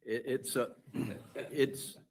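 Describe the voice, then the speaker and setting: A man questioning a lawyer from the judge's bench, feeling his way through his point with hesitant, searching phrasing. His voice sits at an ordinary middle pitch for a man. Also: fairly even intonation, drawn-out words, darkish tone, breathy edge. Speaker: appellate judge. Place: courtroom.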